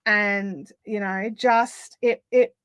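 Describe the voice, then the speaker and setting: Middle-aged Australian woman, livestream host; bright, lively, casual, dry close mic. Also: medium pitch, takes it slowly, clear, resonant tone, dry recording. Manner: chatty, lots of fillers, laughs easily. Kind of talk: casual chat, reading viewer comments.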